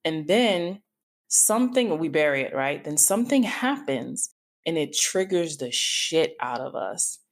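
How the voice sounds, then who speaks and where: A woman's voice: low-pitched, sing-song, a little slow. A middle-aged woman hosting a podcast, telling a personal story in a candid, informal way that wanders into tangents. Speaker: podcast host.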